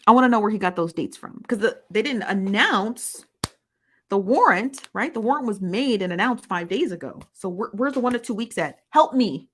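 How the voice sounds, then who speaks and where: A woman's voice: mid-range voice, animated, normal speed, a little hiss or hum. A woman giving exasperated live-stream commentary, reading comments aloud and repeating herself in disbelief. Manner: reads comments aloud from viewers. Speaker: online commentator.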